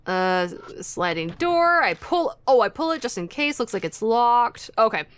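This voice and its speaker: A woman's voice: a little high, very animated, a little slow, clean tone. A woman streamer chatting casually as she plays through a game, thinking aloud.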